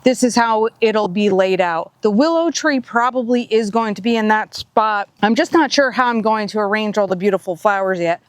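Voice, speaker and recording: A woman's voice: a little high, dry recording. Chatty woman in the garden, dry sound. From Southeastern United States. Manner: chatty, thinking aloud while working. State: out of breath from digging. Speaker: gardening channel host. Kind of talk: casual gardening vlog. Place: outdoors in a garden bed.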